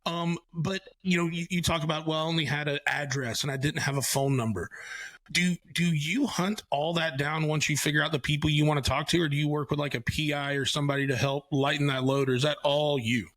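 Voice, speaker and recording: Enthusiastic higher-voiced male podcast host. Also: steady tone, fairly quick, a bit bright, dry recording, rough recording. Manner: enthusiastic, loose, swears casually, many fillers. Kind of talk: casual interview chat.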